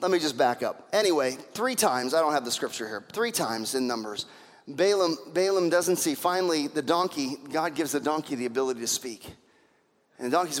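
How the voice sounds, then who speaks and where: High-voiced man preaching in a reverberant hall. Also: brisk. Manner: animated storytelling with acted-out voices. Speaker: pastor. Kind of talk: sermon.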